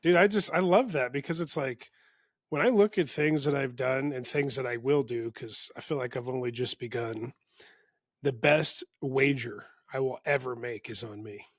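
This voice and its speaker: A man's voice: mid-range voice, moderate pace, no echo, clean studio sound. A man hosting a podcast, easygoing and enthusiastic, reacting with slangy remarks. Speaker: podcast host. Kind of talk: casual chat.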